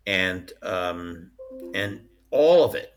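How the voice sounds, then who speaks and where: A man's voice: deep voice, expressive, extremely slow, soft background music. A man being interviewed as a former studio licensing executive, telling chatty stories and often laughing mid-story. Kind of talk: casual anecdotal storytelling.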